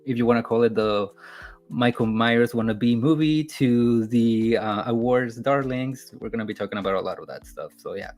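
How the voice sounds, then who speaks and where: A man hosting a casual film podcast, chatty and relaxed, laughing often. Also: mid-range voice, normal speed. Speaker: podcast host.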